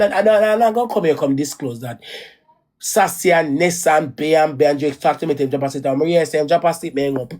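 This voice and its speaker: A woman's voice: deep voice, darkish tone. A woman with a Jamaican accent telling a personal story in a casual, rambling rant, repeating herself and swearing bluntly. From Caribbean. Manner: rambling and repetitive, restarts and repeats phrases. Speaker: vlogger.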